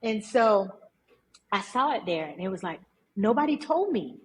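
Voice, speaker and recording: A woman entrepreneur, a guest on an interview podcast, telling her story in a lively, emphatic way and repeating words for stress. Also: mid-range voice, normal speed, rough recording.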